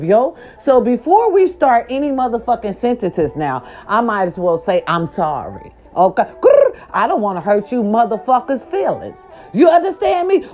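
A woman hosting a casual commentary show, ranting loudly with lots of profanity and slangy asides, exasperated and outspoken. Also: mid-range voice. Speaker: host. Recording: dull lo-fi sound.

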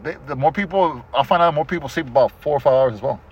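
A middle-aged man chats on a podcast, telling stories in an animated, profane way. His voice is husky and sits a little high. The audio is dull and lo-fi. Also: fast talker. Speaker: podcast host. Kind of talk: casual chat.

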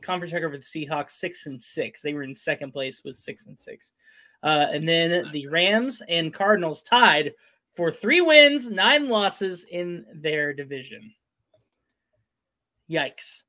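A man's voice: on the high side, animated, measured pace, sharp tone. Upbeat man hosting a live talk stream. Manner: upbeat, runs through lists and stats. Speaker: host. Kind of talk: casual sports and gaming talk show.

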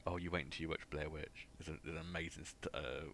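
A man's voice: a bass voice, steady tone, fast talker, vocal fry, fairly bright tone. A man co-hosting a casual horror film podcast, wry and blunt, teasing the others. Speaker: podcast co-host. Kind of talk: casual film review chat. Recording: faint background noise.

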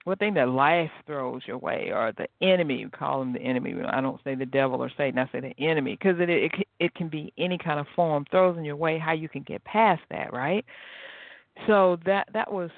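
A woman hosting a podcast on her own, chatting in a lively way and laughing often. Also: lowish voice, no echo. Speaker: podcast host. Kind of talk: casual solo talk. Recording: tinny phone-like sound.

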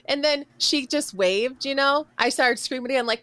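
Woman, casual podcast storytelling, animated and cursing, fairly high voice, dry close sound. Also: normal speed, few pauses, no room sound. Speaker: guest storyteller.

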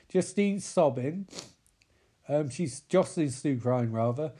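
A man giving excitable, sweary running commentary over a movie. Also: on the high side, slow pace, breathy edge. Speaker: movie riffer. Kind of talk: live profane movie riff commentary.

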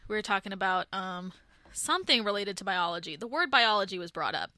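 A woman's voice: mid-range voice, quick pace, dry recording. A young woman co-hosting a radio show, telling stories and teasing her co-host in casual chat. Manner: teasing, animated storyteller, laughs a lot.

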